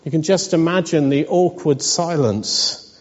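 A man's voice: fairly high pitch, a little slow. Man, preacher, storytelling sermon, wry, lo-fi dull sound, reverberant hall.

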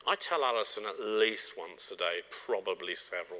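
A man's voice: on the low side, lively intonation, normal speed, few pauses. A middle-aged man gives a sermon on marriage, speaking straight to the congregation and joking now and then. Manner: warm, joking, direct address to the congregation. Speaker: preacher.

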